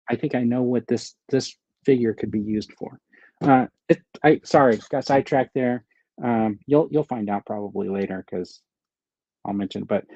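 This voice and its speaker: A man's voice: mid-range voice, mellow, no room sound, dull audio. A man hosting a casual live stream, rambling, thinking aloud and answering viewers' chat comments. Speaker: host of a live stream about his action figure collection.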